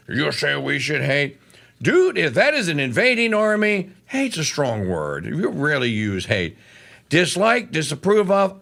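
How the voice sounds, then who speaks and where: A talk radio host from Louisiana rants through a heated political monologue. His voice is gravelly and bright, and his pitch leaps about with lively swings. He drops to muttering asides, then climbs to shouting.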